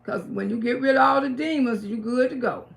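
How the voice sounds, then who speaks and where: A woman's voice: on the high side, fairly quick, vocal fry. A middle-aged woman hosting a casual live stream, talking bluntly to her viewers with plenty of cursing and repeated phrases.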